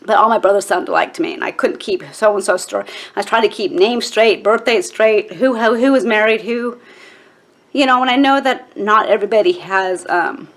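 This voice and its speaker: A woman's voice: medium pitch, moderate pace. A woman in her forties telling a personal story to camera, candid and emotional, with a casual "like" and a tearful edge. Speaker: vlogger.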